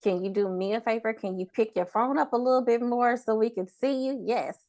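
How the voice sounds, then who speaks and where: A woman's voice: a little high, brisk, a little mellow. A woman hosting a talk show interview, conversational and affirming toward her guest. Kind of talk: casual interview.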